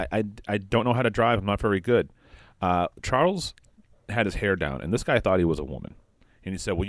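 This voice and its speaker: A man improvising a crude comic story on a podcast, rambling with many fillers and quick quoted voices. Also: fairly low pitch, no echo, studio quality. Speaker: comedy podcast host.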